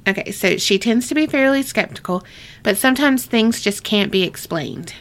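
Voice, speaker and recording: A woman's voice: on the high side, animated, normal speed, fairly bright tone. A woman co-hosting a podcast, reading listener ghost stories aloud in a casual, chatty way and laughing often. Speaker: podcast co-host.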